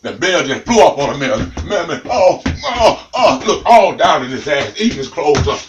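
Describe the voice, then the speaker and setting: A man telling a comic tale in an animated, dramatic way, talking straight to the listener. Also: fairly high pitch, moderate pace, roomy sound, distant mic, lo-fi sound, a little hiss or hum. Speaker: storyteller.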